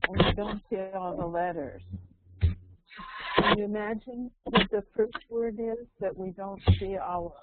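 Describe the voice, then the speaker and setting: A woman teaching an online English lesson, explaining calmly. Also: medium pitch, unhurried. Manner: calm explaining. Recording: phone-like line with noise.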